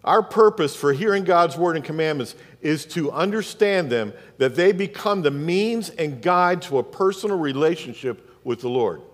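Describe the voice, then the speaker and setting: A pastor with a Southern US accent preaching a sermon, asking rhetorical questions and repeating phrases for emphasis. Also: male voice, a little high, animated, moderate pace, hardly any pauses. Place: church sanctuary. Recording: long reverb of a church hall.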